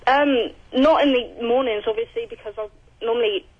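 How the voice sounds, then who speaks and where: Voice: mid-range voice, normal speed, highs cut off. A young caller with an English accent, nervous and hesitant, with many ums. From England. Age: young adult.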